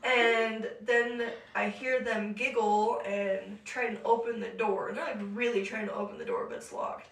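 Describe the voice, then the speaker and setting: A young woman co-hosting a podcast, telling a story in a casual, animated way, laughing often and acting out what people said. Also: on the high side, unhurried, few pauses, far from the mic. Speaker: podcast co-host. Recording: echoey room, voice off-mic.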